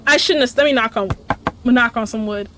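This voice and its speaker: Woman let's-play host: high voice, profane, sarcastic ranting commentary. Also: fairly quick, noisy background. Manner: talks to the game characters. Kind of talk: gameplay commentary.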